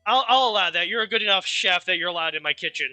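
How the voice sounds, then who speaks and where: This is an unflappable warrior-servant with dry, wry remarks, told by a man recapping a story. The voice is bright and tight, and the sound is dry and close. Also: high-pitched, fast, no room sound, soft background music.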